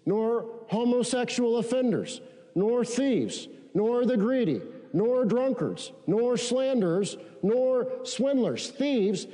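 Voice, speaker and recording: Preacher with a high voice in a reverberant hall. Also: male voice, warm tone. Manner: preaching, repetitive call-and-response. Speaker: pastor. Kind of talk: sermon. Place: large church sanctuary.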